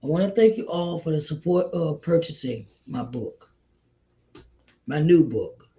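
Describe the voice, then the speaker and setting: A middle-aged woman hosting an inspirational faith talk, repeating her points warmly and calling listeners child and honey. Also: sits low, animated, unhurried. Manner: repetitive, encouraging, calls listeners child and honey. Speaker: host. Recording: slightly dull lo-fi audio.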